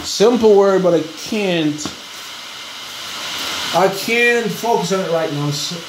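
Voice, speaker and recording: Talking slowly in a high voice with lively intonation, this RC hobby vlogger grumbles to his viewers, whom he calls guys, about a broken hobby part. He is frustrated and says he's pissed off, rambling with restarts, fillers and hesitation. The echoey room has faint ambience and a noisy background.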